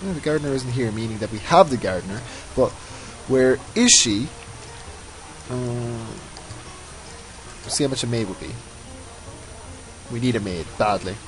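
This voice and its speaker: A man's voice: mid-range voice, animated, a little slow, long pauses, soft background music, low-quality recording. A man giving casual, rambling commentary over his own gameplay, often mocking himself. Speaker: let's play host.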